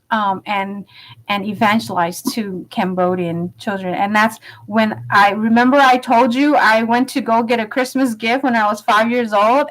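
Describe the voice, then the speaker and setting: A woman's voice: mid-range voice, low-quality recording. Chatty woman telling a personal story. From Los Angeles, United States. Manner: chatty and candid, with many fillers and frequent laughs. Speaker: vlogger.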